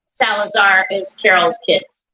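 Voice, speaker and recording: A woman's voice: mid-range voice, fairly even intonation, unhurried, a crowd in the background. A woman, a mother, talking in a rambling casual chat, often quoting her son and herself. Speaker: grieving mother and guest. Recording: dull lo-fi stream audio.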